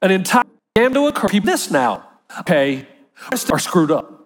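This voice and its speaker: A man preaching a sermon as a pastor, animated and acting out quoted voices. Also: high voice, normal speed, big-room sound.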